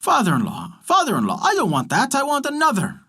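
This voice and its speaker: A man voicing a demanding, croaking male frog in a storybook tale, with whiny, insistent demands. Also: extremely high pitch, wildly swooping pitch, fairly quick, sharp tone, pitched above the performer's own voice, exaggerated voice.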